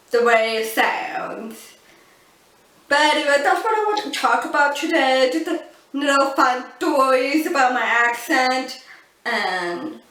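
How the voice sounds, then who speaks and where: A young woman from the Boston area with a deaf speech pattern, telling personal stories to camera in a casual, thoughtful way with many pauses and fillers. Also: high voice, fairly bright tone. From Boston area, United States. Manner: slow, thoughtful storytelling with fillers. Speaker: vlogger. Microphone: built-in camera mic. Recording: echoey room, camera mic from a distance.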